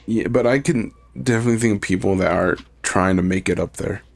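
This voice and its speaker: A young man co-hosting a casual podcast, sick with a cough, talking in a relaxed, rambling way and laughing often. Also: low voice, a little fast, gravelly. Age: young adult. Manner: laid-back, rambling, laughs often, says "like" a lot. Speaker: podcast co-host. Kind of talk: casual chat.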